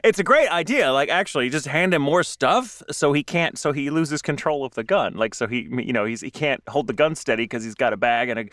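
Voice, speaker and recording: A man's voice: medium pitch, lively intonation, fairly quick, hardly any pauses, a bit bright, dry recording, clean studio sound. A man co-hosting a podcast, reading weird news stories aloud in casual chat, laughing often and acting out silly skits. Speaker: podcast co-host.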